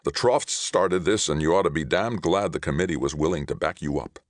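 A man's voice: extremely low pitch, fairly quick, dry recording, studio quality, voice pushed up. A man reading the part of a stern government envoy, speaking firmly and emphatically in clipped phrases.

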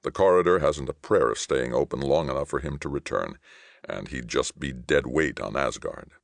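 A man's voice: extremely low pitch, moderate pace, creaky, no echo. A man reading the part of a stern government envoy, speaking firmly and emphatically in clipped phrases.

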